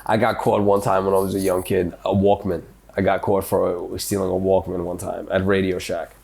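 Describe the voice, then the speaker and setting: A man co-hosting a podcast, telling crude, animated stories in casual comedic chat and swearing freely. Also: low-pitched, moderate pace, vocal fry. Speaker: podcast co-host.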